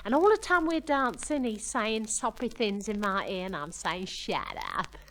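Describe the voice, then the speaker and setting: A woman's voice: medium pitch, lively intonation, unhurried, a bit bright, slight background noise, rough recording. A woman playing a chatty young working-class woman who tells a comic story in broken, slangy grammar. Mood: gossipy. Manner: ungrammatical cockney-style chatter, "we done", "I says". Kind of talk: comic monologue.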